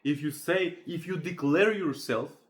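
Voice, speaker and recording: A man's voice: fairly high pitch, a little slow. A man speaking to camera in a casual, earnest motivational monologue, persuasive and loose with fillers. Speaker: motivational vlogger.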